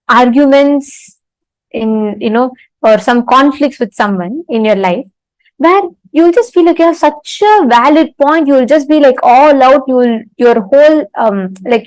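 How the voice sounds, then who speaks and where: Unhurried woman giving a spiritual talk. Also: high-pitched, a little mellow, no echo, rough recording. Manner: unhurried, pausing often, telling a story with acted-out quotes. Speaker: spiritual teacher. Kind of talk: live online spiritual discourse with a parable. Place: temple.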